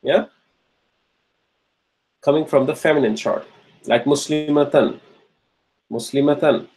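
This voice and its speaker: Slow, repetitive male language teacher. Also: on the high side, darkish tone, rough recording. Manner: slow and repetitive, restates each answer; checks in with "okay?" and "right?". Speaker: Arabic grammar teacher. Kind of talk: classroom lecture, working through exercises.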